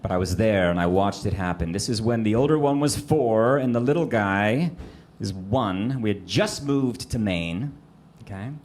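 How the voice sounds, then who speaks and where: A man's voice: lowish voice, normal speed. A man performing a stand-up set on a comedy club stage, telling stories and acting out dialogue into a handheld mic. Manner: animated storytelling, acting out dialogue. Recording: live club audio with room noise. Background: audience laughter.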